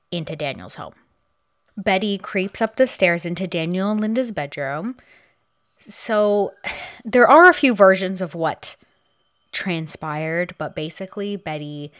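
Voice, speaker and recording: A woman's voice: deep voice, a bit bright. A woman hosting a true crime podcast, retelling a case in a casual, conversational way, asking herself questions and answering them. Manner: conversational, rhetorical questions and answers, frequent restarts.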